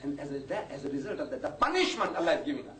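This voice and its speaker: A man's voice: on the high side, very animated, rapid-fire, pushed and bright. A man preaching to a live audience, impassioned and full of rhetorical questions. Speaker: Islamic preacher. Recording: echoey hall from far off, faint hiss.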